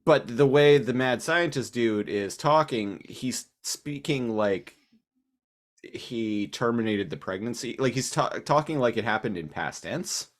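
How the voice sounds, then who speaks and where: A man's voice: medium pitch, animated, measured pace. A man co-hosting a podcast in casual chat, laid-back and puzzled, quoting movie lines for laughs. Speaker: podcast co-host.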